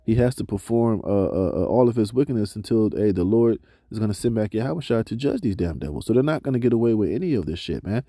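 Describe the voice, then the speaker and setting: Brief: male street preacher, very dark and mellow tone, dry close sound, loose slangy delivery. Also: fairly low pitch, animated, dry recording. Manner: casual slangy preaching, often ends phrases with "man", many "uh" fillers; slows down to read scripture aloud. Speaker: street preacher reading scripture. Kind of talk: informal scripture commentary.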